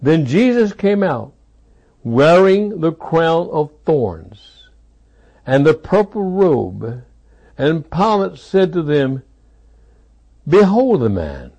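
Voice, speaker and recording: A man's voice: a little high, sing-song, slow, a little mellow, muffled recording. A man preaching a sermon, with dramatic delivery and heavy repetition for emphasis.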